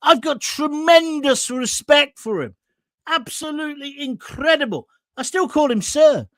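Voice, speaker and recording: A man's voice: very high-pitched, animated, measured pace, fairly bright tone, no room sound. Blunt jokey man in his fifties. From England. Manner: blunt, jokey and nostalgic, with crude asides. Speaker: host of an online talk show. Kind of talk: casual chat reading viewer comments.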